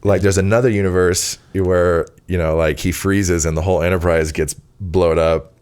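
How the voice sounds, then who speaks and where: Male podcast host, very low voice, meandering, filler-heavy delivery. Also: fairly even intonation, normal speed, a little mellow, clear, resonant tone. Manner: rambling, with frequent fillers and laughs. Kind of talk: casual chat.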